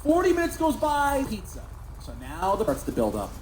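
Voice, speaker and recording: Guy telling a stand-up story, voice bouncing all over, echoey room with noise behind. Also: normal speed. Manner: animated, swings into high voices for characters. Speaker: stand-up comedian. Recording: echoey venue with background noise.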